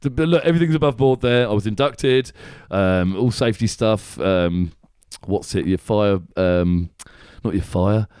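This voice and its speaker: A man's voice: fairly low pitch, normal speed, hardly any pauses, darkish tone, clean tone, dry recording, clean studio sound. A man hosting a podcast, chatting casually in a rambling way, swearing and laughing often. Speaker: podcast host. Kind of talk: casual comedic chat.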